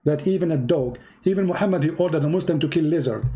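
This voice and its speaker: Guy ranting sarcastically, slightly high voice, warm tone, broken english. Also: fast. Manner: sarcastic, emphatic, mocking; non-native English grammar. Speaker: religious debater. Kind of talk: mocking polemic commentary.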